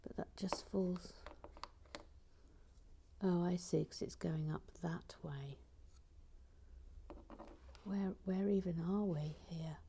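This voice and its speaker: A woman hosting a live building stream, chatting casually in a soft, often half-whispered voice as she reads out viewer comments. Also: fairly low pitch, steady tone, takes it slowly, long pauses, a little hiss or hum.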